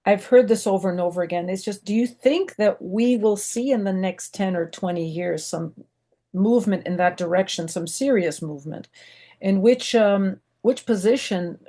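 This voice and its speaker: A woman's voice: mid-range voice, moderate pace, mellow. An American woman asking a long, rambling question on a video call, enthusiastic and full of fillers. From United States. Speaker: audience member asking a question. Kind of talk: online Q&A question.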